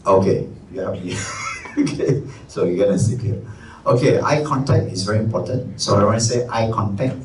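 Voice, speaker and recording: A man with a Malaysian English accent teaching a live workshop, energetic and conversational, stressing key words. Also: fairly low pitch, moderate pace. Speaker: trainer. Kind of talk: live presentation skills workshop. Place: training room. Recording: echoey room, distant mic, faint room noise.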